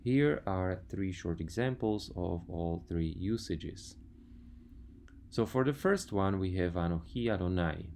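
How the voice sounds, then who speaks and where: A man's voice: deep voice, lively intonation, measured pace, darkish tone, slight background noise. A man teaching a language lesson, patiently listing words one by one and explaining grammar step by step. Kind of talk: slide lecture on grammar.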